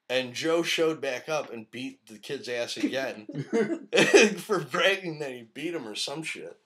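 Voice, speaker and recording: A man's voice: fairly high pitch, fairly bright tone. A man hosting a podcast, telling a long story in casual chat, rambling and swearing with frequent laughs. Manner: profane, rambling, laughs often. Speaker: podcast host. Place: live-streamed podcast.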